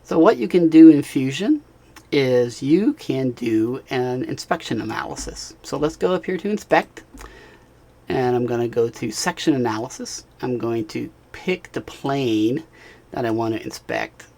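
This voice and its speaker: Casual male software tutorial narrator. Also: medium pitch, expressive, unhurried, creaky. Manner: casual, talks while clicking, frequent "all right" and "right?". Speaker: instructor.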